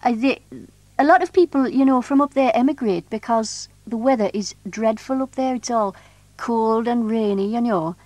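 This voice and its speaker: A woman with a Geordie accent talks in a fairly high voice, chatty and a little hesitant, dropping in "you know" often. The recording is close and dry. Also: normal speed, darkish tone, no room sound. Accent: Geordie (Tyneside). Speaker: speaker describing her home town. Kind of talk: unscripted spoken description.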